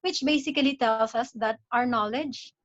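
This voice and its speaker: A woman doctor giving a medical lecture in a measured, instructive way. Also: on the high side, no echo. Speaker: palliative care consultant lecturing. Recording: dull, dry lo-fi audio.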